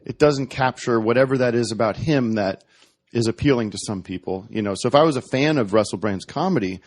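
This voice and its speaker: A man chats on a podcast in a middle-pitched voice. He tells a story and keeps restarting his sentences and correcting himself. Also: fairly quick. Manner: animated storytelling with many restarts. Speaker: podcast guest. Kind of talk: casual podcast chat.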